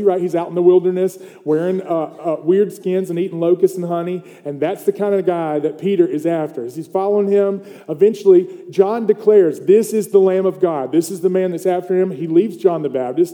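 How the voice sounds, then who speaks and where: A man's voice: high voice, steady tone, fairly quick, few pauses, mellow. A man preaching a conversational sermon as pastor, telling the story with animation and checking in with the congregation with "okay?" and "right?". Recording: long hall reverb.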